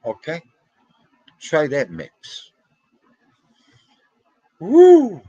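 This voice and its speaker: A middle-aged North Jersey man talks off the cuff on a livestream, rambling and animated, with Italian-American slang. His voice is gravelly and a little husky, and his pitch swings a lot. It sounds dry and close to the mic. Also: unhurried, no room sound, highs cut off. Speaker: livestream host reading chat. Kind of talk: casual livestream chat.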